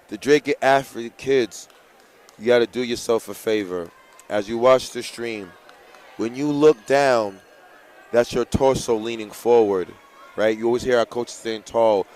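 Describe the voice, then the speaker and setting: A man serves as race announcer at a live track meet, excitable as he hypes runners, reads heats and gives coaching advice. His mid-range voice is clear and resonant.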